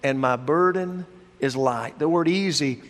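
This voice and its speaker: A man preaching a sermon as pastor, slow and deliberate, leaning on emphatic pauses. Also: fairly high pitch, a bit bright. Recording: long hall reverb.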